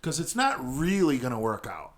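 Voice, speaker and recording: A man's voice: medium pitch, sing-song, normal speed. A man, a podcast guest giving blunt, profane advice in crude casual banter.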